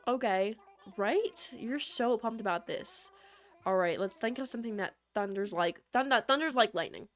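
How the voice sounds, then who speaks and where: A woman's voice: on the high side, animated, moderate pace. A young woman from the American Midwest with a Midwestern accent, chatting casually and rambling while she streams a game, her sentences full of "like". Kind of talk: casual gameplay chat. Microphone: USB microphone. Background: soft lofi music.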